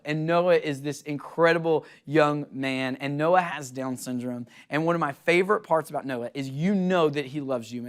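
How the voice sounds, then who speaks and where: Earnest, animated young man preaching. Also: a little high. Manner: earnest, animated storytelling with excited voiced quotes. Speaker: pastor. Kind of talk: sermon.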